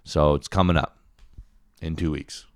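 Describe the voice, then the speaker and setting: Deep-voiced man ranting on a podcast. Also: fairly even intonation, a little slow. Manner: rambling, profane, self-mocking, laughs often. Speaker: podcast host. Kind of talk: solo comedic podcast rant.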